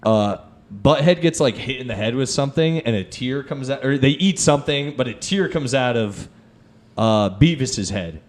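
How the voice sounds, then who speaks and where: A man's voice: medium pitch, expressive, moderate pace. Man, podcast host, casual comedy chat, laid-back, says "dude". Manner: laid-back, says "dude" a lot, acts out cartoon voices.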